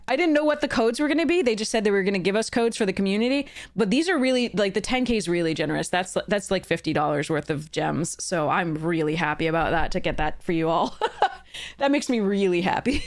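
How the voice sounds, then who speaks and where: A woman streamer chatting casually on a live stream, bubbly and giggly, rambling with frequent laughter. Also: medium pitch. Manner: rambling, with many fillers and restarts. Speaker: streamer and content creator.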